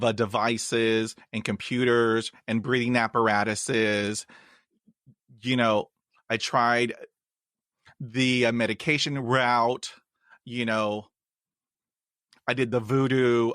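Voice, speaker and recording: A man hosting a podcast interview in a casual chat. He stutters and repeats words, and he breaks into sudden high, excited whoops. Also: no echo, studio quality. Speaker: podcast host. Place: in Texas.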